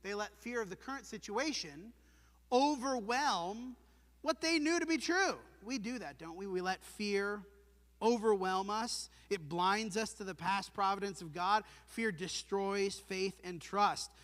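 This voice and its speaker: A man's voice: sits high, animated, measured pace, a bit bright. A man preaching a sermon in a church, earnest and emphatic, posing rhetorical questions to his congregation. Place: church sanctuary. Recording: long hall reverb.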